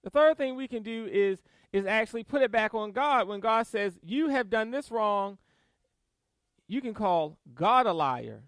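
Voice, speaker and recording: A man preaches with a high, lively voice that swings up and down as he reads verses and presses each point home. He breaks into quick asides and soft laughs. The sound is dry and close, with no room echo. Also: smooth. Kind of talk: sermon. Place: church service.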